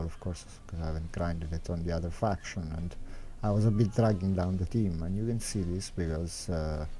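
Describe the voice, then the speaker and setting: A man's voice: deep voice, warm tone. A young man giving unscripted, meandering strategy commentary over gameplay footage, thinking aloud as he explains. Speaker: game strategy guide maker.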